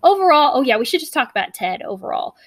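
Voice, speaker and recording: A woman co-hosting a podcast in casual chat, talking fast and loose with lots of fillers and restarts. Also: high voice, very animated, no echo. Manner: chatty, many fillers and restarts. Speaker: podcast co-host.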